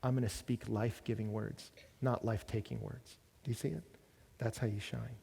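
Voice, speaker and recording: A man's voice: lowish voice, fairly even intonation, normal speed, creaky, mellow, slightly rough. A man preaching a sermon at a college ministry gathering, telling stories and asking rhetorical questions in a conversational way. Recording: long reverb of a large hall.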